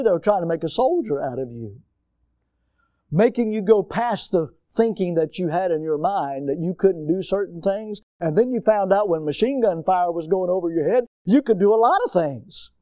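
An older man delivers a sermon in a fairly high yet mellow voice, recorded dry and close. He preaches animatedly, slipping into quoted voices and sudden loud bursts. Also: animated, moderate pace, no echo.

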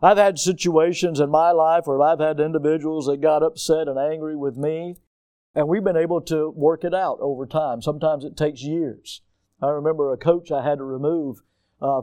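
A middle-aged man preaching a sermon, telling stories with lively rhetorical questions to his congregation. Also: on the high side, no echo. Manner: animated storytelling with rhetorical questions. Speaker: pastor.

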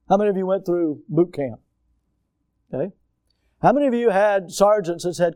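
An older man delivers a sermon in a fairly high yet mellow voice, recorded dry and close. He preaches animatedly, slipping into quoted voices and sudden loud bursts. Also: normal speed, long pauses, dry recording.

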